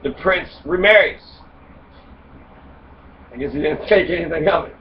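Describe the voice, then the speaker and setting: A man's voice: a little high, normal speed. A man casually retelling a fairy tale for comedy, rambling, swearing and cracking jokes. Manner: profane, wisecracking, rambling with fillers. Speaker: podcast host retelling fairy tales. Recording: distant mic, dull lo-fi sound, faint noise.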